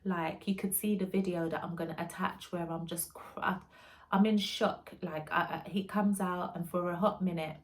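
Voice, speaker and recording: A young woman telling her birth story, soft, halting and often hushed. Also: on the low side, steady tone. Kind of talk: emotional personal storytelling.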